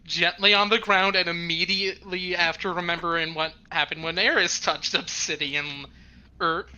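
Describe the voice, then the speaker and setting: A woman's voice: lowish voice, steady tone, normal speed, bright, forceful tone, clean tone, lo-fi sound. A woman playing a tabletop game, chatty, describing her character's actions. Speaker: player. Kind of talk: casual tabletop play.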